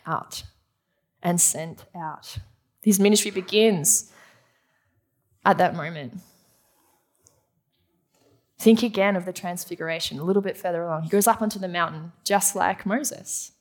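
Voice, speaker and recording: A woman's voice: lowish voice, unhurried, long pauses, darkish tone. A woman preaching a sermon to a live audience in a teaching manner, asking the room questions and answering them.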